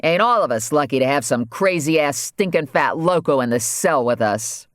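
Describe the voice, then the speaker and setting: A man's voice: on the high side, animated, moderate pace, a bit bright, no room sound, studio quality. A man voicing an irritable male inmate with a sarcastic drawl.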